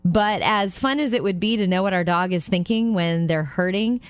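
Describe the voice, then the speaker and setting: Woman, radio co-host, chatty, quick to laugh, dry close sound. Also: mid-range voice, smooth, no room sound. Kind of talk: casual radio chat and story reading.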